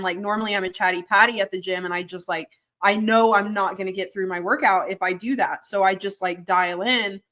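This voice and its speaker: A woman's voice: mid-range voice, steady tone, fairly quick, fairly bright tone. A young woman co-hosting a podcast, chatty and casual, with lots of "like" and "um" fillers. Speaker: podcast co-host. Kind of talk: casual chat.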